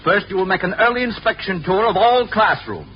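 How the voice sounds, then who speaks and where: A man's voice: high voice, sing-song, brisk, husky, lo-fi sound. A man playing a stuffy, suspicious school official in a 1950s radio sitcom. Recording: old radio broadcast with hiss.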